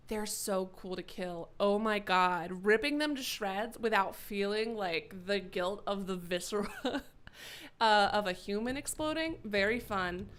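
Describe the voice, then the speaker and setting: A woman streamer giving live gameplay commentary, excitable and swearing freely as she reacts loudly. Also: medium pitch. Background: game music.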